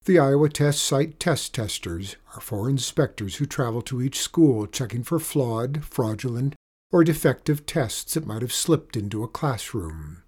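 A secretive army colonel from a storybook, with clipped military phrasing and an official tone, read by a man. The voice sits mid-range and sounds a little husky. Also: mid-range voice, animated, measured pace, a little mellow.

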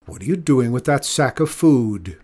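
A man voicing a gruff, rude old lighthouse keeper who calls out mockingly in a storybook reading. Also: medium pitch, animated, moderate pace, darkish tone, lightly acted. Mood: scornful.

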